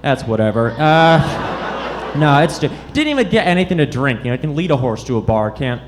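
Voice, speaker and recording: In a live club recording thick with audience noise, a man does stand-up, playing awkward and self-deprecating and fumbling lines on purpose. His voice is a little high and very animated, at a moderate pace.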